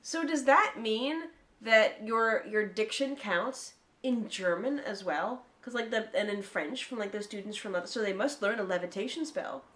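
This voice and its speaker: A woman co-hosting a podcast, chatting casually with a mid-range voice. She talks in an animated way and swears freely. She launches into long, eager explanations. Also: medium pitch, normal speed. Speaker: podcast co-host. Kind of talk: casual chat.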